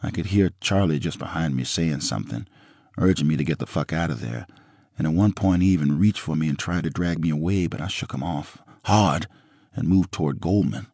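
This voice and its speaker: A man's voice: very deep voice, fairly quick, gravelly, darkish tone, no room sound, studio quality. A man narrating a crime story in the first person, blunt and profane. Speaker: audiobook narrator. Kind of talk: first-person book reading.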